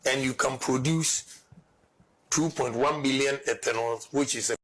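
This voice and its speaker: A man's voice: medium pitch, fairly even intonation, a little slow, a bit bright. A man explaining figures step by step in a played clip. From Ghana.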